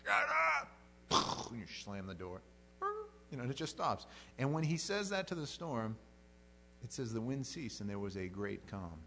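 A man preaching a sermon as pastor, conversational and animated, swinging between loud outbursts and quiet prayer. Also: medium pitch, normal speed, a little hiss or hum.

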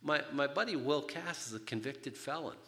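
An older man preaching a sermon, telling his own story in an animated, joking way. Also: a little high, normal speed. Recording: reverberant hall.

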